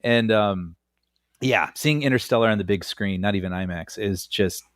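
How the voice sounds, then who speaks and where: A man co-hosting a film podcast in casual chat, giving measured opinions and laughing easily. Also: lowish voice, dry recording, studio quality. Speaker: podcast co-host.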